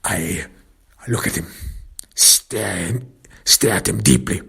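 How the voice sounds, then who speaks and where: A man narrating a dark first-person story with intense, contemptuous swearing. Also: low-pitched, big pitch swings, slow pace, gravelly, breathy edge.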